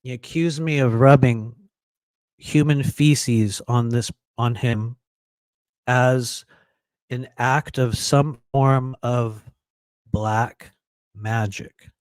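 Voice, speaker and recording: A man telling a personal story in a casual monologue, animated, acting out quoted voices and laughing often, with many fillers and restarts. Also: medium pitch, extremely slow, pauses often, clean tone, no echo. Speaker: podcast host.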